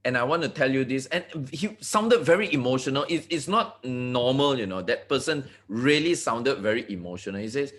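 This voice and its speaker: A man from Malaysia gives a motivational talk with a lively, swinging pitch that jumps high and drops low. He speaks straight to his listeners and asks them to agree. He often repeats words and restarts his sentences. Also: moderate pace, few pauses. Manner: addresses audience directly, asks for agreement. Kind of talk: motivational talk to an online group.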